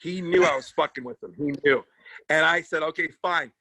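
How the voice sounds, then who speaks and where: A man, a comedian guest on a podcast, telling a profane story in a lively, casual way and acting out other people's voices. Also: fairly high pitch, fairly quick, breathy edge, no room sound. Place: podcast studio.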